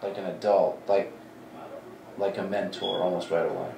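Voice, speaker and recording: A man's voice: low voice, normal speed, creaky, a little hiss or hum. A man in his forties, a comedy club talent coordinator, telling stories in a casual interview and acting out the voices of the people he quotes. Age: 40s. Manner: animated, acts out quoted dialogue. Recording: echoey room, mic at a distance.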